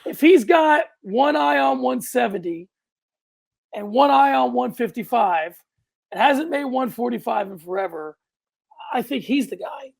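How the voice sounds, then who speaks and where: Man, podcast co-host, gravelly voice, animated, rambling, loud outbursts. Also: very high-pitched, unhurried. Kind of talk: casual sports podcast chat.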